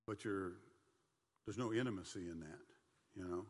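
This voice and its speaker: A middle-aged man teaching a Bible study class in a folksy, animated, conversational way, with quick asides and playful mock voices. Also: deep voice, big-room sound.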